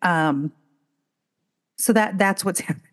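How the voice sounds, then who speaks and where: A woman's voice: lowish voice, measured pace. A middle-aged woman in casual chat, telling a rambling story with lots of restarts and acted-out quotes. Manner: animated storytelling, acting out quotes with many restarts.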